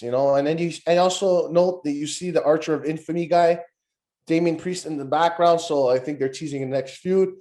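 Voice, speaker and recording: A male podcast co-host with a slightly high voice talks a bit quickly, casually reviewing wrestling. He rambles and rants in an animated way, swearing a lot.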